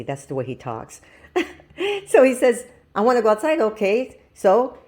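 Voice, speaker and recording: A woman's voice: deep voice, mellow. A woman hosting a home cooking show, talking through a recipe step by step in a chatty, homey way and often laughing at herself. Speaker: home cooking channel host. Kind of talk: casual cooking demonstration. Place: home kitchen.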